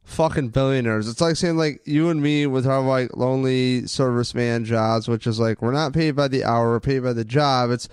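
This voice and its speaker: A man's voice: medium pitch, normal speed, few pauses, clean tone, no room sound, clean studio sound. A man co-hosting a sports podcast, ranting with lots of swearing in casual chat. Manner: profane, ranting, animated. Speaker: podcast co-host.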